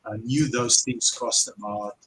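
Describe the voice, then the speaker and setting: South african guy running a live q&a, blunt and animated, swears a bit. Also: medium pitch, unhurried, slight background noise, poor audio. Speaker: car dealer hosting a live Q&A. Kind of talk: casual live Q&A storytelling.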